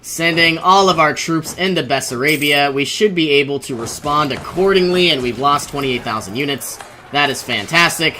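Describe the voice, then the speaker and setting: A man's voice: fairly high pitch, pushed and bright, slight background noise. A young man giving casual commentary over his own strategy game, thinking aloud, often exasperated and laughing. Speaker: let's play host.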